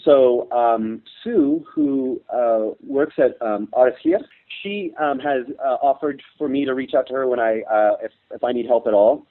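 A man's voice: medium pitch, unhurried. A middle-aged man talking in an emotional interview, hesitant and full of restarts, sometimes choked up. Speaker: interview guest. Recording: tinny phone line.

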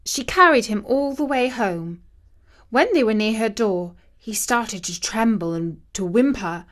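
A woman narrating a children's story in a measured, expressive way. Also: fairly high pitch.

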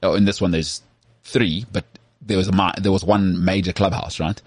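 A man from South Africa co-hosting a podcast in casual chat, animated and full of restarts. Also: deep voice, moderate pace, dry recording. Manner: animated, full of restarts and "you know what I mean". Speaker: podcast co-host.

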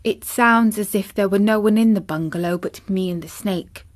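A woman's voice: mid-range voice, moderate pace, close to an everyday voice. A woman voicing a spoiled, stiff little girl who speaks imperiously in a storybook reading. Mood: wondering. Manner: imperious, indignant.

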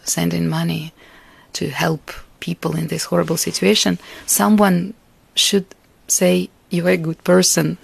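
A woman from Russia, a Russian native speaker, giving an interview about her life and art in an earnest, reflective way, with soft laughs between thoughts. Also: on the low side, vocal fry, breathy edge, no room sound. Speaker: artist and interviewee. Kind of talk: interview answers.

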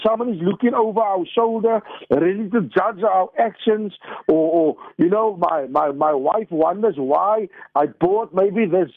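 A man's voice: sits high, dry recording. Evangelist guy preaching down a tinny dry phone line, earnest, keeps repeating himself. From South Africa. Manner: earnest, repeats phrases for emphasis. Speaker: evangelist, radio guest. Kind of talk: devotional talk over the phone on radio. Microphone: telephone.

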